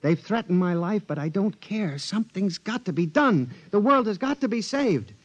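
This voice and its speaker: A man's voice: sits high, animated, moderate pace. An actor playing a paranoid man accused of murder, narrating and pleading in an old-time radio drama. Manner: agitated, pleading, rising to screams. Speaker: narrator and lead character. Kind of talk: 1950s radio drama acting. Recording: dull old radio recording.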